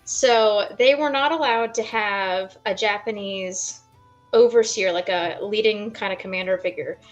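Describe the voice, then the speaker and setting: A woman's voice: medium pitch, a little slow, soft background music, poor audio. A woman chatting as a guest on a livestream and telling a story earnestly and emotionally. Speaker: stream guest. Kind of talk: casual stream chat.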